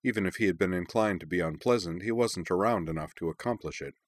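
A man reading a story aloud in calm, even audiobook narration. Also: low-pitched, quick pace, dry recording.

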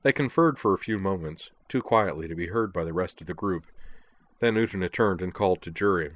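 Low-voiced male audiobook narrator. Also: a little fast, no echo. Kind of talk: scripted narration.

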